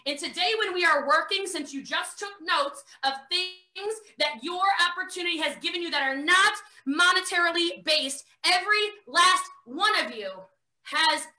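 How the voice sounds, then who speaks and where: An American woman in her thirties running a live network marketing training. She talks fast, gives orders and jokes with her viewers. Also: very high voice. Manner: fast, energetic, bossy, joking. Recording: roomy echo.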